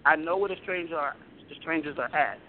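A man's voice: on the high side, brisk, slight background noise. A man making crude jokes in casual chat, recorded with a tinny, phone-like sound. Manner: crude joking.

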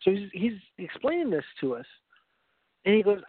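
A high-voiced man preaches earnestly, telling a story and often restarting his phrases. The sound is dry and narrow, like it came over a phone line. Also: big pitch swings, normal speed, long pauses, husky, no echo. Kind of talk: evangelistic teaching talk.

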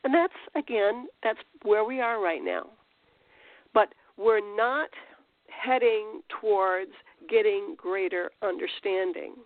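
Speaking slowly in a mid-range voice, a Christian teacher talks informally about spiritual matters, with restarts and rhetorical questions. The audio is dry and tinny, like a phone.

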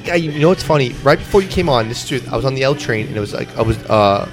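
Fast-talking excitable male podcast host. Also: medium pitch, over music. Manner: excitable, rapid rambling. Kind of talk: casual chat. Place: bar, next to restroom.

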